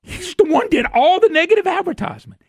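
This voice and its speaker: A man's voice: extremely high pitch, animated, fast, no room sound, studio quality. A man hosting talk radio, folksy, sarcastic and ranting. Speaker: radio talk show host. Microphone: studio microphone.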